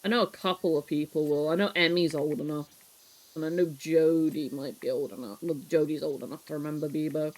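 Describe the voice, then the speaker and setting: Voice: mid-range voice, fairly quick, rough recording. Chatty, swearing streamer in their thirties. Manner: chatty, swears freely, laughs often; reminiscing, animated storytelling. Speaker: live streamer. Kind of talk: casual chat while cleaning on stream.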